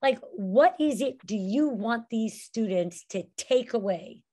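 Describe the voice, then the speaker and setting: Animated woman storyteller as podcast guest, expressive delivery, fairly high pitch. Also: a little slow. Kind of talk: lively podcast interview.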